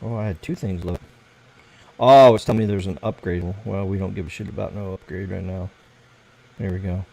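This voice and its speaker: A man's voice: deep voice, fairly even intonation, fairly quick, creaky, a little mellow, poor audio. An American man hosting a casual late-night livestream, rambling and swearing as he fiddles with his computer. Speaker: livestream host.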